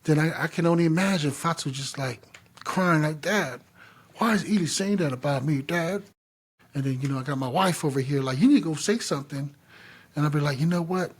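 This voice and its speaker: A man co-hosting a podcast in casual chat, telling stories in an animated, slangy, profane way. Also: on the high side, fast talker, husky. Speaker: podcast co-host.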